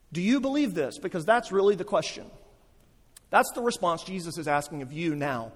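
A man preaching a sermon, building to impassioned repeated refrains. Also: high-pitched. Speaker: pastor. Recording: long hall reverb.

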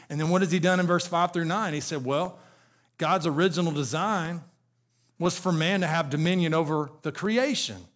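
A man's voice: high voice, fairly bright tone. A male pastor preaching an expository sermon, asking the congregation question after question and building to emphatic peaks.

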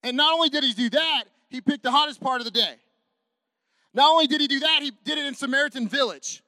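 Male pastor, very high and bright voice, animated and repetitive, acts out the characters in his sermon. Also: fast talker, no echo. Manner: walks around while preaching. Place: church sanctuary with a congregation.

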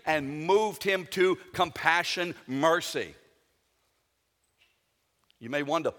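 Middle-aged pastor preaching, goes loud then hushed, lots of long hall echo. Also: male voice, on the high side, animated, takes it slowly, long pauses. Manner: dramatic preaching, swinging from loud to quiet. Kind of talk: sermon.

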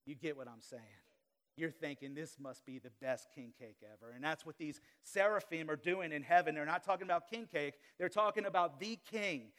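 Standing in a church sanctuary before his congregation, a Louisiana pastor preaches a live sermon. His fairly high voice moves at a moderate pace, jumping from loud emphasis to soft asides, with funny confessional remarks mixed in.

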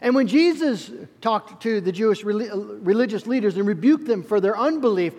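A man's voice: high voice, expressive, normal speed, hardly any pauses, darkish tone, in a large hall. A male pastor preaching a sermon in an earnest, emphatic way, often restarting his phrases.

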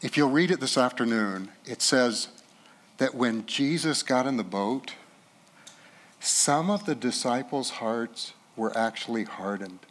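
Delivering a sermon, this middle-aged man serving as pastor grows loud and high-pitched at peak moments, then turns quiet and slow when the passages become tender.

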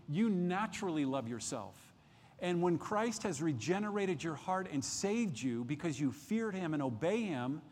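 A man preaching a midweek sermon as pastor, emphatic, rising in pitch and force at key points and often restarting phrases. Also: darkish tone, big-room sound. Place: church sanctuary.

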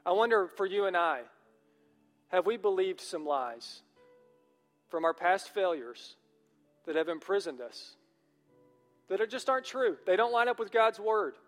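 A man's voice: high-pitched, expressive, measured pace, long pauses, fairly bright tone, big-room sound, faint music behind. A man preaching a sermon as pastor, earnest and encouraging, often asking his listeners questions.

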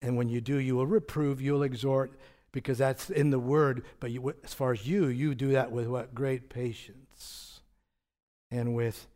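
Man preaching with rhetorical questions. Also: mid-range voice. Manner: conversational preaching with rhetorical questions and soft laughs. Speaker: pastor. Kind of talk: sermon.

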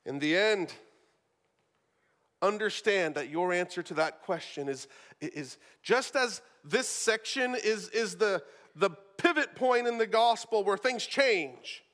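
A man's voice: very high-pitched, bright, forceful tone, in a large hall. A male pastor preaching a sermon, talking casually and often repeating words as he starts a thought.

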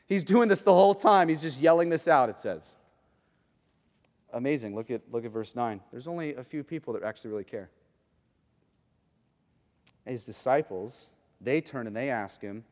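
Animated man preaching in a reverberant hall. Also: mid-range voice, moderate pace, pauses often. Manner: animated, conversational, acts out quoted voices. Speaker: pastor. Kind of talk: sermon.

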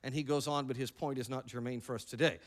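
A male pastor preaching a sermon in an animated way, with joking asides and emphatic repeated words. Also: medium pitch, quick pace.

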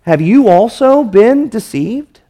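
A man's voice: sits high, animated, takes it slowly, warm tone. A man voicing scornful temple leaders, mocking and contemptuous as he quotes them in a sermon.

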